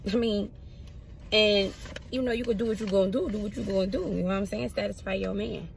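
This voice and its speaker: Animated young woman telling a storytime. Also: quick pace, gravelly, slight background noise, rough recording. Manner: animated, swings pitch for emphasis, slangy. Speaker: vlogger. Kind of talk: casual storytime.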